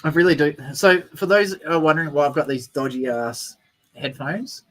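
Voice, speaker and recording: A man's voice: a little high, lively intonation, normal speed, soft background music. A man co-hosting a radio show, cheeky and playful, boasting in jest. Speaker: radio co-host. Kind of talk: casual radio banter.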